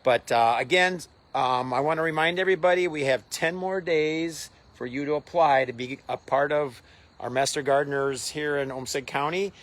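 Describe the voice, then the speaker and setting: A friendly, easygoing Minnesota man co-hosts a gardening show as a master gardener, chatting casually and educationally out in the garden. His voice is fairly high and fairly bright, and he speaks at normal speed.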